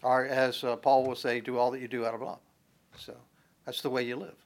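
A man's voice: mid-range voice, little pitch movement, brisk. A man preaching a sermon as a pastor, teaching verse by verse in a conversational way, with asides, restarts and the odd chuckle.

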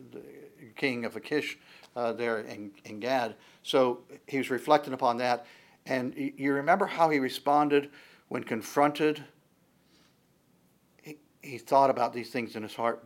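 A man preaching a Bible-teaching sermon in a halting way, repeating words, using many fillers and asking his listeners questions. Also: mid-range voice.

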